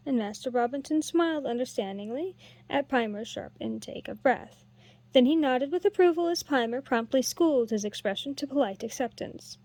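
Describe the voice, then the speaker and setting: A woman reading a novel aloud in a steady, even storytelling manner. Her voice is high-pitched and the recording is dry and close. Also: moderate pace, dry recording. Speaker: audiobook reader. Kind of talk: scripted narration.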